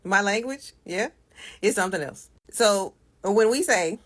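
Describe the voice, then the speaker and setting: Woman from the US, lowish voice, patient explanation, repeats herself, casual monologue. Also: moderate pace. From United States. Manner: explains patiently, repeats points, quotes sayings. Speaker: social media commenter.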